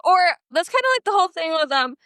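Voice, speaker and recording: A woman's voice: very high voice, big pitch swings, quick pace, sharp tone, dry recording, studio quality. A young adult woman co-hosting a podcast, chatting casually, reading posts aloud and quoting people in playful voices. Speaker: podcast co-host.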